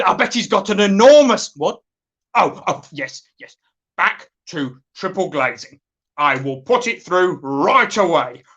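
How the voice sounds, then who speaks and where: A woman's voice: lowish voice, a bit bright, heavily acted. A woman voicing a nervous, weedy male chief accountant who stammers and fawns in a comic phone monologue. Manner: stammering and fawning.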